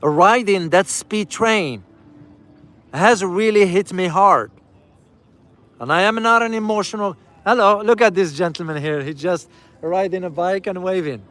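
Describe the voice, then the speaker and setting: Emphatic high-voiced man vlogging on the move. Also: unhurried, a bit bright. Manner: emphatic, repeats key phrases for stress; speaks directly to viewers as "guys". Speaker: travel vlogger and commentator. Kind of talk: casual live-streamed travel commentary.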